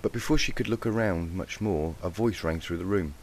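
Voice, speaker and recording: A man narrating a fan-written storybook in a steady, even reading voice. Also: deep voice, a little fast, a little hiss or hum. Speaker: fanfic reader.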